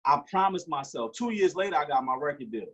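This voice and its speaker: Man, forties, interview guest, husky and fairly high, animated storyteller. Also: fast, highs cut off. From Newark, New Jersey. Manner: animated storyteller acting out quoted dialogue.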